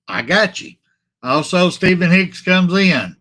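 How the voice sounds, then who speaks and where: A man with a drawl hosts a casual sports talk stream, reacting to viewer comments. His voice sits a little high and sounds bright and forceful. He talks in animated bursts, repeats his points and keeps apologizing mid-sentence. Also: measured pace. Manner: animated and repetitive, trailing off and apologizing. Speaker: sports talk show host.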